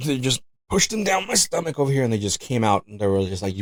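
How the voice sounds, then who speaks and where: Fast-talking and sing-song, this podcast host speaks English as a second language in a mid-range voice. The clean studio sound has no room noise, and his casual, rambling chat is packed with fillers, "you know," and plenty of laughter.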